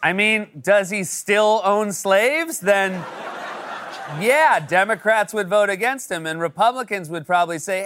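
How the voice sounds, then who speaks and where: A man's voice: high voice, animated, unhurried, fairly bright tone. A man hosting a late-night comedy show, delivering a sarcastic, jokey monologue.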